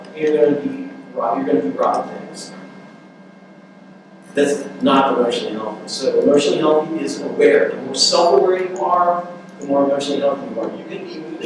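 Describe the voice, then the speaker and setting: A man giving a relationship workshop talk in a conversational, earnest way, with fillers and restarts. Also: fairly high pitch. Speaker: workshop speaker. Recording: echoey room, mic far off, noisy.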